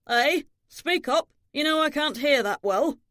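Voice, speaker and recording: A woman voicing a forgetful, hard-of-hearing old father who grumbles and demands loudly. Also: extremely high pitch, animated, measured pace, no echo, clean studio sound, pitched above the performer's own voice, heavily acted. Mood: irritable. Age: older.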